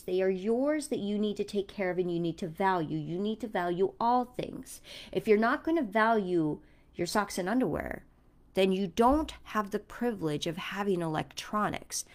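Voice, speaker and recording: A woman's voice: mid-range voice, animated, moderate pace. A mother talking casually and earnestly, telling a story about her son and reflecting on her Bible reading. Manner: earnest, storytelling, speaks with conviction. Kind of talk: casual reflective vlog talk.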